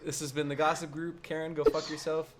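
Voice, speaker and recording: Crude, joking young host. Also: male voice, fairly high pitch, level tone, fairly quick, very noisy. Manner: crude, joking, laid-back. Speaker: podcast host. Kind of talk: casual chat.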